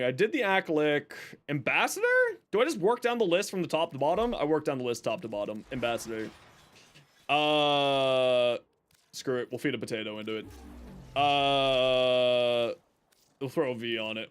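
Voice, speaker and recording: Lively, rambling gaming streamer man. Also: mid-range voice, moderate pace, smooth. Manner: rambling, self-mocking, talks to chat. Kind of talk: casual gaming livestream chatter.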